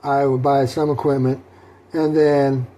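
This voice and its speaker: Halting, mellow-voiced man rambling. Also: mid-range voice, level tone. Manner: halting, many fillers and restarts. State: sleepy, yawning. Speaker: solo tabletop role-playing video host. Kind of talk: rambling casual talk.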